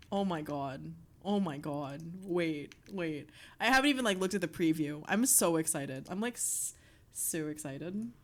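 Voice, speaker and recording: Excitable young woman streamer, lively pitch. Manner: excitable, swearing, breaks into shrieks and laughter. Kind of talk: casual live-stream chat.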